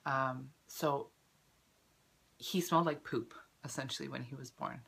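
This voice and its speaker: Woman, twenties, low pitch, bright tone, chatty vlog, throat-clearing cough. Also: steady tone, unhurried, long pauses. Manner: emotional, tearful at times; chatty, many fillers. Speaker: vlogger. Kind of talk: casual personal vlog.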